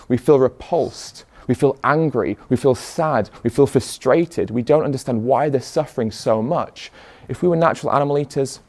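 A man's voice: medium pitch, warm tone. A young man giving a motivational speech to an audience, pressing them with rhetorical questions. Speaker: activist speaker.

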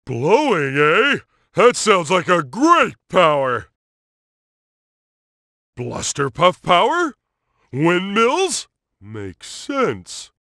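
Patrick Star, goofy cartoon starfish. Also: male voice, high-pitched, huge pitch swings, sharp tone, no room sound, studio quality, exaggerated voice. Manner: goofy, childlike, slow and emphatic. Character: dim cheerful starfish man playing superhero. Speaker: video game character. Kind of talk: cartoon game voice clips.

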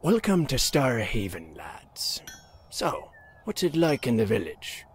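A man's voice: medium pitch, wildly swooping pitch, slow pace, slight background noise, heavily acted. A man voicing a folksy, drawling townsman in a video game. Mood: easygoing.

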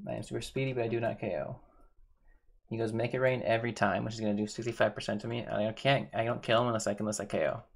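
A man's voice: on the low side, flat delivery, very fast, creaky. A man giving casual gameplay commentary, thinking aloud, repeating himself and talking to his game characters. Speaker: gaming YouTuber.

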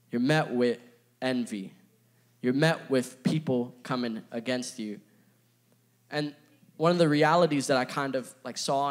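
A young man giving a casual, playful youth sermon, chatting with his audience and filling his talk with asides. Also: mid-range voice. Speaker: youth pastor.

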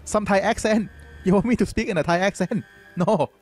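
A man hosting a game livestream, commentating as he plays, prone to excitable high-pitched outbursts and thinking aloud with many fillers. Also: a little fast, breathy edge. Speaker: livestream host playing a game. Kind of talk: live gameplay commentary.

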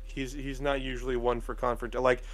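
A man's voice: medium pitch, little pitch movement, moderate pace, a bit bright. A man chatting casually as a co-host, sardonic and joking, swearing freely. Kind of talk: casual podcast chat.

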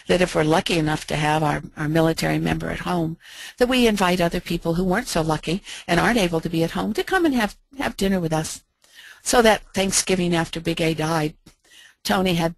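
Middle-aged American woman, low-pitched, gentle reflective storyteller, dry close sound. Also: vocal fry, no room sound. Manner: gentle, slow, reflective with soft pauses. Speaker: speaker. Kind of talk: heartfelt storytelling talk.

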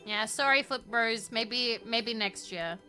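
A woman's voice: on the high side, slow, sharp tone. A woman streaming a game, chatting casually, giggling often and swearing freely. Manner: giggly, swears a lot, bursts into shrieking laughter. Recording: faint music behind.

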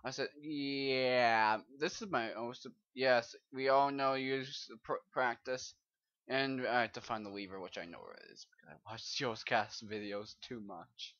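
A man's voice: mid-range voice, fairly even intonation, moderate pace, fairly bright tone. A man rambling and swearing through casual commentary while he plays a video game, muttering to himself, over a dull lo-fi mic. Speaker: gamer doing a let's play.

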